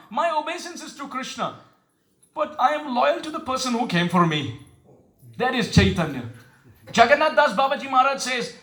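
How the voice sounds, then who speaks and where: A man giving a devotional sermon who questions his listeners and chants verses slowly. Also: very high-pitched, sharp tone, roomy sound. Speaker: spiritual teacher. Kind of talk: devotional sermon with call and response.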